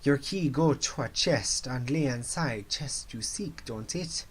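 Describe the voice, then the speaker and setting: A cryptic female sea witch with a clumsy, put-on Jamaican accent, played by a man. She speaks slowly and mysteriously in broken grammar. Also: mid-range voice, animated, breathy edge. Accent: put-on Jamaican, poorly done.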